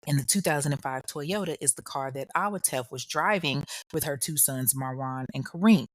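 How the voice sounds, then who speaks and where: A woman with a notably low voice hosts a true crime podcast, recounting events in a casual, slangy way. She talks straight to the listener as if chatting with a friend. Her voice sits close and dry on the mic, with no room sound. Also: moderate pace, no echo. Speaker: podcast host.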